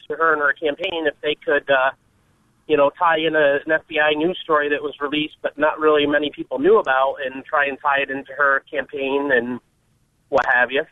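A caller, a man with a somewhat high voice, coming through a thin, tinny phone line. He talks hesitantly and fills his pauses with "uh.". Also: dry recording. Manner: hesitant, many fillers. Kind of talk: call-in to a talk show.

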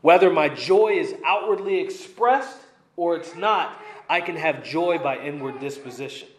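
Emphatic preacher with a raised pitch. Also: male voice, unhurried, roomy sound, slight background noise. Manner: emphatic, repeats key lines. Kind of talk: expository sermon.

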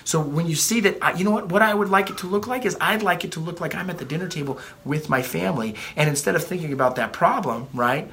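A man's voice: on the high side, fast, few pauses, fairly bright tone. A man in his thirties, a life coach giving a blunt motivational talk, swearing freely and often repeating himself.

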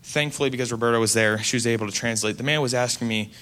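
Young US man, earnest and halting testimony storyteller, crisp clear voice. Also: mid-range voice, fairly even intonation, bright, forceful tone. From United States. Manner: earnest, halting, many restarts. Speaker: mission trip speaker.

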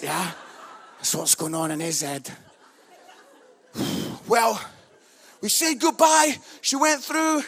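Animated high-voiced preacher. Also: male voice, unhurried, long pauses, breathy edge. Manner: animated storyteller, shifts from hushed to shouting. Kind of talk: humorous sermon story.

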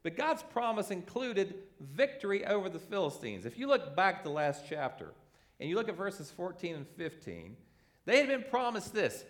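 Guy preaching a sermon, highish voice that jumps all over, really animated. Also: moderate pace. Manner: animated, acts out quoted voices. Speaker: pastor.

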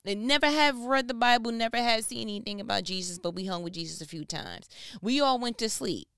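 Woman doing casual bible teaching, higher voice, really animated and slangy, acts out the characters. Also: fairly quick, smooth, dry recording, studio quality.

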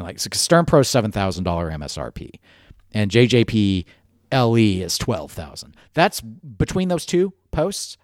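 A man's voice: on the low side, no room sound, studio quality. A man hosting a casual podcast chat, talking in a digressive, jokey way. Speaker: podcast host.

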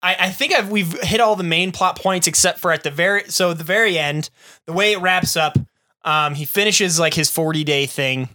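A man's voice: high-pitched, moderate pace, pushed and bright. A man co-hosting a casual podcast, jokingly recapping a film's plot. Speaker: podcast co-host. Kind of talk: casual chat.

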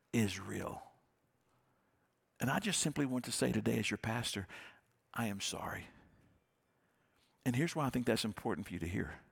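A man's voice: medium pitch, gravelly, breathy edge. A male pastor giving a sermon in an earnest, conversational way, often repeating his phrases.

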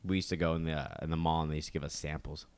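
A man's voice: extremely low pitch, flat delivery, very fast, darkish tone, clear, resonant tone. A young man co-hosting a podcast, chatting casually, rambling with restarts and casual swearing. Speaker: podcast co-host. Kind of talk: casual chat.

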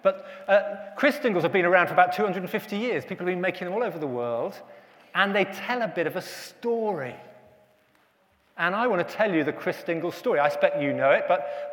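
Chatty male pastor quizzing children; high voice, reverberant church. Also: fairly bright tone. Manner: chatty, asks children questions, many restarts. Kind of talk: family service talk.

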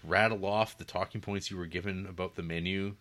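A man with a bright, forward voice rambles through a casual chat. He swears freely, laughs often and circles back on himself mid-sentence. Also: deep voice, fairly even intonation, a little fast. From western Canada.

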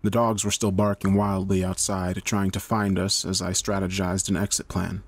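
A man narrating a horror story in a steady, measured storytelling manner. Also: sits low, dry recording.

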